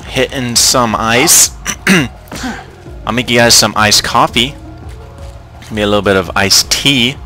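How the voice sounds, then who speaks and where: A young man casually commentates a video game, joking around and talking to the enemies on screen in a let's-play style. His voice is lowish, bright and forceful. Game music plays behind him throughout.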